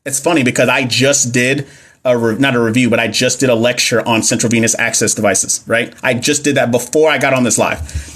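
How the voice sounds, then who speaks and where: A young man with a medium-pitched, brisk, slightly bright voice teaches nursing exam questions on a casual livestream. He's chatty, reading questions aloud and responding to viewer comments as they come in. The sound comes through a phone or webcam mic.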